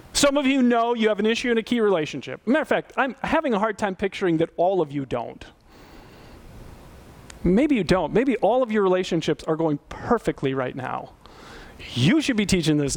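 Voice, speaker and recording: A man with a fairly high voice preaching a sermon. He speaks conversationally and with emphasis, often turning to ask the congregation questions. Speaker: pastor.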